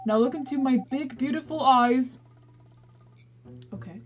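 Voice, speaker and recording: A woman's voice: high-pitched, measured pace, soft background music. A woman voicing a cheeky, teasing talking dog.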